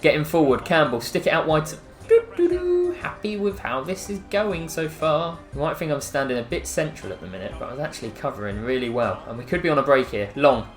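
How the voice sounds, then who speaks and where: An English man talks through a football video game in a chatty, self-mocking way, quick to get excited. His mid-pitched voice rings in an echoey room. Faint music plays under him. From England. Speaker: gaming YouTuber. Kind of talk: casual gameplay commentary.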